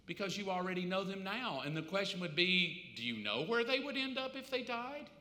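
A man preaching a sermon, shifting from quiet storytelling to loud, pleading acted voices. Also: sits high, expressive, fairly quick. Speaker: pastor. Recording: echoey hall.

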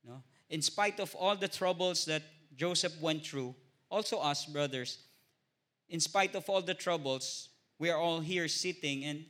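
Filipino guy teaching bible study, kinda high bright voice, lots of uh's and little "no?" tags. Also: measured pace. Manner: hesitant, many filler "uh"s and tag "no?".

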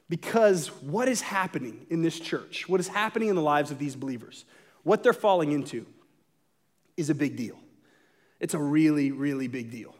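A young male pastor delivers a sermon in a casual, conversational way. His voice sits high, and he gets animated when he acts out the quoted lines.

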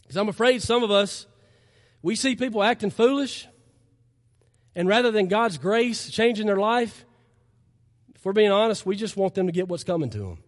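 A man's voice: sits high, animated, normal speed, long pauses, big-room sound. A man preaching a sermon as pastor, earnest and emphatic, his voice rising in impassioned stretches, recorded in a church sanctuary.

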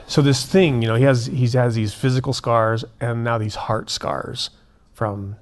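A man, a prison minister and guest, telling a story in an earnest, animated way and acting out the dialogue. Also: mid-range voice, measured pace. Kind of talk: conversational storytelling.

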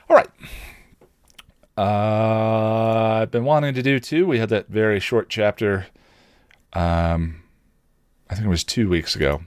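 A male podcast host reading fan fiction aloud, then thanking listeners in a relaxed, slightly halting way. His voice is on the low side, recorded close with a dry, roomless sound. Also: smooth, no room sound.

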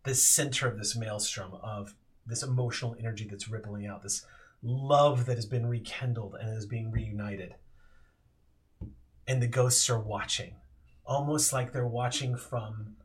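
A man running a tabletop role-playing game as game master, narrating slowly and descriptively with pauses. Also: medium pitch, steady tone. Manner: slow, descriptive storytelling with pauses.

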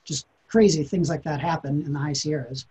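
A man's voice: fairly high pitch, fairly quick, warm tone, husky, low-quality recording. A man, a podcast guest, telling a personal story in an earnest, reflective way, often repeating words as he thinks.

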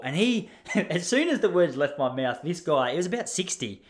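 A man's voice: fairly high pitch, very animated, normal speed. Rambling Australian man telling a story. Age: 30s. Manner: rambling, self-deprecating, many asides. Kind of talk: casual storytelling.

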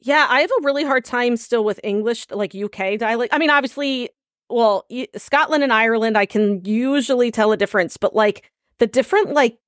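Higher-pitched woman co-host, rambly casual chat, dry sound. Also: fairly quick, no echo. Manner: rambling, restarts, laughs easily. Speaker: podcast co-host.

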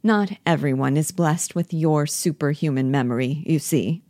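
A woman's voice: sits low, normal speed, mellow, no echo, clean studio sound. A woman reading the part of a bitter, jealous young wife who pleads with her lover and mocks her husband. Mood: sarcastic. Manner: reproachful, cutting, pleading. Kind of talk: play reading.

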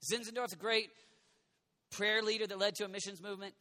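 A man preaching an energetic youth sermon, animated and jokey, acting out quoted voices and sometimes shouting. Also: sits high, fairly quick. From United States. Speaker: youth minister.

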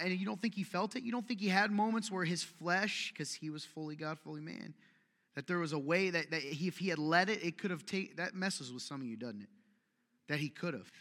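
A man with a bright, forceful voice, pitched a little above the usual, preaches to a congregation. He moves between scripture reading and quick, joking asides, slipping into acted-out quotes in a conversational way. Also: in a large hall. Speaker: pastor. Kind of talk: sermon.

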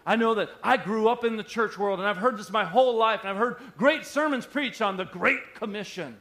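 High-voiced man preaching a sermon. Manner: preaching, swings from soft and slow to loud. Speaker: pastor.

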